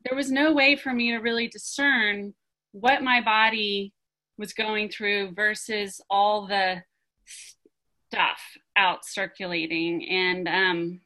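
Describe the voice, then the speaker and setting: Woman, group member sharing; slow, hesitant delivery, bright tone. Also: mid-range voice, flat delivery, poor audio. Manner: halting, searching for words. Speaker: practice community member sharing. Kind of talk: personal sharing in group discussion.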